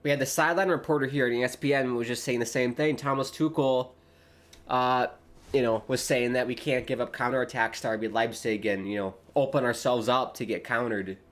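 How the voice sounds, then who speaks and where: A man hosting a live football watchalong stream in an early-morning voice, chatting with viewers and rising excitedly on the play-by-play. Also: medium pitch, brisk. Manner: chatty, rises excitedly on play-by-play, talks to chat. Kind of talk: casual live match commentary.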